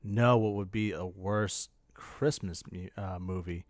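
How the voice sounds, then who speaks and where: A man's voice: low voice, fairly even intonation, unhurried, no room sound, studio quality. A man co-hosting a casual podcast, reacting with short exclamations and laughs. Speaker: podcast co-host. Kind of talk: casual chat.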